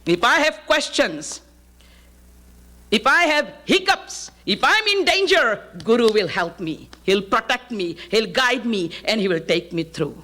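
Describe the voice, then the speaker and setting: A woman preacher from Fiji gives a devotional sermon with a bright, forceful voice. Her pitch swings widely as she tells parables and chants Sanskrit verses. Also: unhurried. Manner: animated storytelling with Sanskrit verse recitation. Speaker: spiritual preacher. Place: live talk to an audience.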